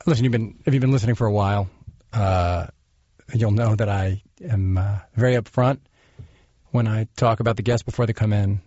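A man hosting a podcast, chatting and teasing his guest in a halting way full of fillers. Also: lowish voice, a little mellow, no room sound, lo-fi sound. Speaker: podcast host. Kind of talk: casual interview chat.

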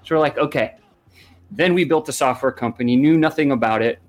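A man sharing his business story as a podcast guest, energetic and rambling, full of fillers. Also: mid-range voice, a little fast. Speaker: guest entrepreneur.

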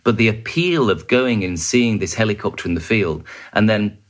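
A journalist recounting a war experience in an interview, vivid and halting, with fillers and restarts. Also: male voice, lowish voice. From United Kingdom. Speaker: journalist guest.

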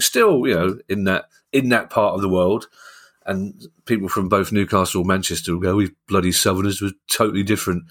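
A man's voice: low voice, fairly bright tone. A man with a South London accent hosting a football finance podcast, chatty and jokey with lots of asides. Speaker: podcast host. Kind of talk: casual chat.

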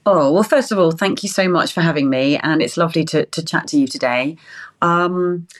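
A middle-aged woman guest, speaking haltingly and close to tears. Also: low voice. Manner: halting, emotional, many restarts. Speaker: interview guest.

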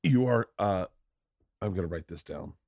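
A man hosting a podcast, telling family stories in an animated, casual way, swearing freely. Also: low voice, normal speed, creaky, dry recording, clean studio sound. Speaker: podcast host. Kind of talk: casual conversational storytelling.

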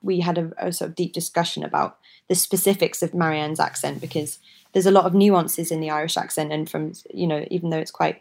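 Interview guest: woman in her twenties, casual, giggly, lots of fillers, low-ish pitch. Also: steady tone, brisk, gravelly, a little mellow. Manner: chatty, laughs often, many hedging fillers. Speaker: actress, guest.

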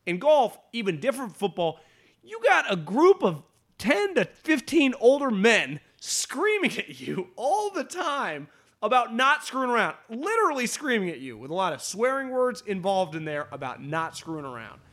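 A man co-hosting a casual sports talk show, talking fast and emphatically, restarting often and swearing. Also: very high-pitched, huge pitch swings, a bit bright.

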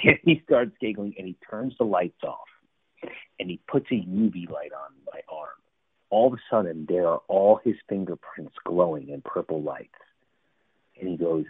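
A man from New Jersey, a life coach and guest, telling his recovery story in an animated, emphatic way. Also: deep voice, moderate pace, husky, no echo. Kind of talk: recovery story told in a radio interview. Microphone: phone line. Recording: tinny phone line, dry.

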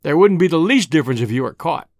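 A wry, easygoing young man, as an audiobook reader puts him on, answering with dry, understated wit. The delivery moves lively in pitch. It is recorded close and dry. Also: fast, dry recording, close to an everyday voice. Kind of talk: audiobook reading.

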